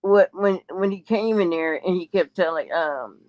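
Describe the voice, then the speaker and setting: A man's voice: sits high, normal speed, a little mellow. A man co-hosting a podcast, telling a gossip story in a rambling way and raising his voice to quote other people. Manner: rambling, restarts often, quotes others in a raised voice. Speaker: podcast co-host. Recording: muffled lo-fi audio.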